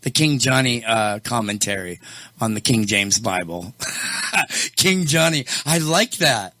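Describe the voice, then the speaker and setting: A male show host chatting casually and telling stories, animated and quick to laugh. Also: medium pitch, dry recording. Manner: laughs often, animated, tells stories with voices. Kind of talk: casual chat and storytelling.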